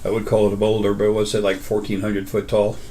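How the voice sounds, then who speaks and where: A man's voice: fairly low pitch, flat delivery, a little fast, mellow. A man hosting a casual metaphysical talk, rambling with many fillers and restarts. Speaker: host.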